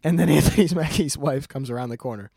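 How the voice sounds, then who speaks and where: Laughing, rambling man with a higher voice. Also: fast talker, creaky, dark tone, slightly rough, no room sound, clean studio sound. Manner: rambling plot recap, laughing often, frequent swearing. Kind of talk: casual chat.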